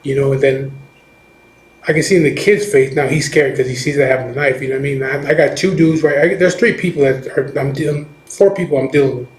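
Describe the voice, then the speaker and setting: This is a middle-aged man, a biker recovering from chemotherapy, telling a personal story a little fast in a steady, medium-pitched voice. He rambles and swears casually, often restarting and saying "you know what I mean," and the room echoes.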